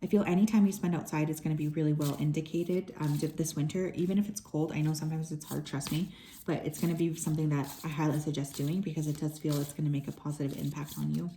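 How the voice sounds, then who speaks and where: A woman doing a tarot card reading for her viewers, talking in a relaxed, chatty way with plenty of "um"s and asides. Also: low voice, quick pace, a little hiss or hum. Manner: relaxed and chatty, with frequent fillers and soft asides. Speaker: tarot reader.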